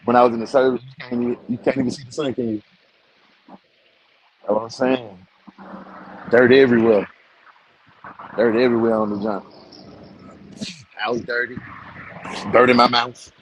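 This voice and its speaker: A man in his forties, a show host, casually telling stories to his viewers in an animated, slangy way. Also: medium pitch, normal speed, long pauses, slight background noise, rough recording. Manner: animated, slangy, talks straight to his audience.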